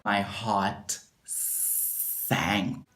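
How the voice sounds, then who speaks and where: Young girl doing a storytime, lively and dramatic, echoey room. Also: extremely low pitch, drawn-out words, soft background music. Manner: animated, dramatic retelling with lots of "like". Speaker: vlogger. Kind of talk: storytime vlog.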